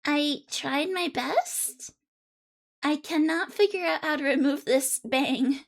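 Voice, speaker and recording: A woman's voice: sits high, slow pace, vocal fry. A woman streamer chatting casually and bubbly with her viewers, a bit congested. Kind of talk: casual live-stream chat.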